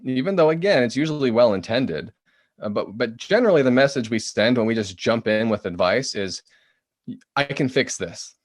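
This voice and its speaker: A man's voice: medium pitch, a little fast, no room sound, studio quality. A man, a book author, explaining as a podcast guest in an easy conversational way, often acting out short quoted phrases. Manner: animated, acts out quoted phrases.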